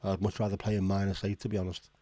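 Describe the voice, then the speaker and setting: Male livestream host, lowish voice, chatty and sweary, dry close sound. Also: completely flat delivery, quick pace, warm tone, dry recording. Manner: chatty, swears freely, reacts with disbelief. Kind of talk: casual chat reading viewer comments.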